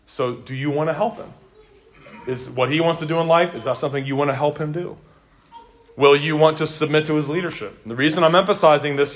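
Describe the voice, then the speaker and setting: Earnest preaching man, fairly high voice. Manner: earnest, emphatic preaching with repeated phrases. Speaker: pastor. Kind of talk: sermon. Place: church.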